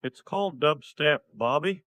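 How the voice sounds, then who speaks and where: A blunt small-town dad. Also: male voice, a little high, animated, measured pace, sharp tone, no echo. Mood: plain. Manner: blunt, plain-spoken. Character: gruff middle-aged small-town dad. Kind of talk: synthetic parody cartoon voice.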